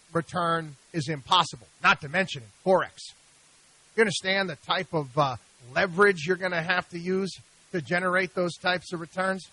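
A middle-aged man, an investment advisor hosting a radio talk show, argues from the studio in an animated, exasperated way with a high, bright voice. He keeps faltering, saying things twice and beginning sentences over. The recording is rough, close, and completely dry, with no room in it.

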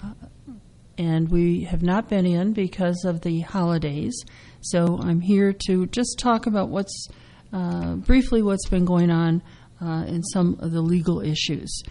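A woman radio host with a low, mellow voice talks through legal news. She is still getting over a cough. She speaks haltingly, with frequent fillers and restarts. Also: low-quality recording. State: recovering from a cough.

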